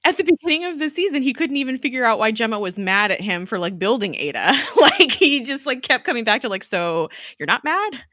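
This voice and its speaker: A woman's voice: fairly high pitch, big pitch swings, fast talker, hardly any pauses, bright, forceful tone, no room sound. A woman in casual chat recapping a TV episode, acting out quoted lines and laughing often.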